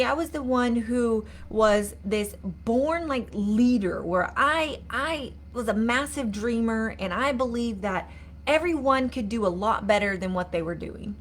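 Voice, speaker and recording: A woman coach giving an earnest live-streamed motivational talk, repeating herself and asking viewers to comment. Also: fairly high pitch. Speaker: mindset coach.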